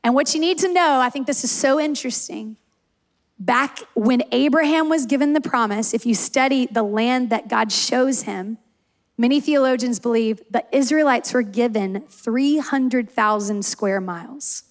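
High-voiced woman preaching emphatically. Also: moderate pace. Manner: emphatic, repeats key lines for stress. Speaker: campus pastor. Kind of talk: sermon with personal stories.

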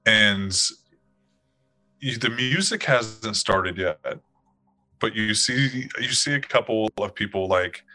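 A man's voice: on the low side, takes it slowly, pushed and bright, rough recording. A man narrating as game master of a tabletop role-playing game, chatty and laughing, with many fillers.

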